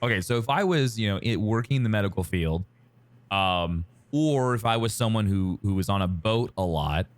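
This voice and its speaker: A man's voice: lowish voice, animated, normal speed, no echo. A man co-hosting a casual podcast, wry and teasing, rambling through his thoughts. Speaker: podcast co-host.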